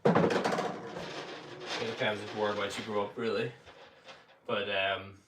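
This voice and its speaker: A man with a Northern Irish accent hosting a livestream, reading out viewer comments quickly while practising his putting. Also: fairly low pitch, level tone. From Northern Ireland. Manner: speaking quickly to keep up with the chat. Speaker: livestream host. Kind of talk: live-stream chat reading during putting practice. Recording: roomy sound from a distant mic with faint noise.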